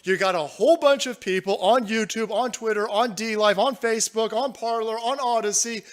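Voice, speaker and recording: High-voiced man on a profane, angry rant. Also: normal speed. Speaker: livestream political commentator. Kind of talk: ranting live commentary.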